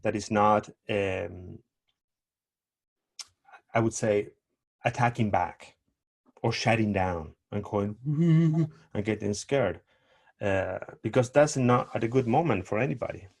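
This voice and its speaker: Animated man giving tango advice. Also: lowish voice, slow, creaky, pauses often, husky. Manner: animated, acts out quoted lines with playful voices. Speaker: tango teacher. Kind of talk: casual advice talk.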